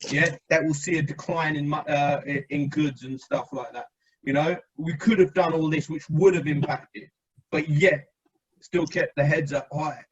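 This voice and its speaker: Husky chatty man. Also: on the high side, fairly even intonation, normal speed, lo-fi sound. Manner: rambling, chatty, asks the others for views. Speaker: podcast host. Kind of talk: casual discussion.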